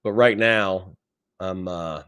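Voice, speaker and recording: A man's voice: low-pitched, slow, fairly bright tone, smooth. A young man streaming, reading out chat and reacting with blunt, profane commentary that repeats phrases for effect. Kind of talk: casual livestream commentary.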